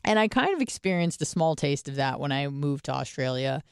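A woman's voice: sits low, sing-song, a little fast, vocal fry, smooth, no echo, clean studio sound. A young woman co-hosting a podcast, chatting casually, rambling and swearing with lots of fillers. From United States. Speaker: podcast co-host. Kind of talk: casual chat.

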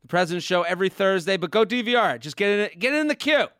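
High-voiced joking podcast host man. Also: dry recording, studio quality. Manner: joking, animated, quick asides. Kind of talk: casual podcast chat.

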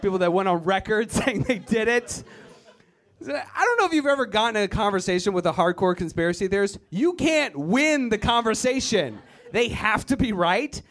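A man's voice: sits high, very animated, normal speed, a bit bright. A man from Virginia doing a stand-up comedy set on a club stage, sarcastic and mocking. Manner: sarcastic, mocking, shifts into silly voices.

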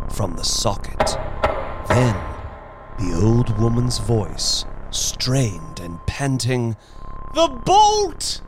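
A man narrating a horror story in a slow, hushed, suspenseful dramatic reading. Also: on the low side.

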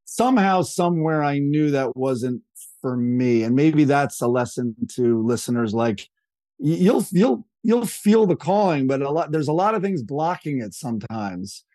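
A middle-aged man chats as a podcast guest, rambling through anecdotes and acting out the people in them. His voice sits a little high for a man. The sound is dry and close. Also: sing-song, moderate pace, warm tone, no room sound. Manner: chatty, rambling, acts out quoted people. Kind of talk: casual anecdotal storytelling.

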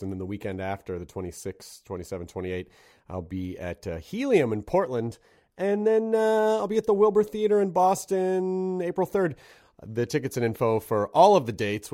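A man's voice: fairly low pitch, darkish tone. A man hosting a podcast, reading plugs and listener mail in a rambling, self-correcting way and laughing easily with his guest. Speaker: podcast host. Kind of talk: casual podcast chat.

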